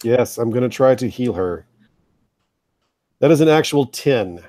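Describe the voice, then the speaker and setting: A man at a tabletop game answers the game master quickly and matter-of-factly. His voice is mellow and dark. The sound is dry. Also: medium pitch, animated, dry recording. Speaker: player. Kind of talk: casual game table chat.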